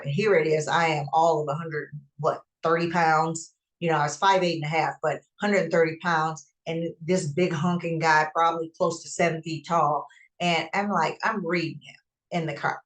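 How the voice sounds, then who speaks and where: A woman hosting a podcast, telling a personal story in an emphatic, animated way and acting out what people said. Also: low voice, moderate pace. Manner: emphatic, animated retelling with acted-out quotes. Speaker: podcast host.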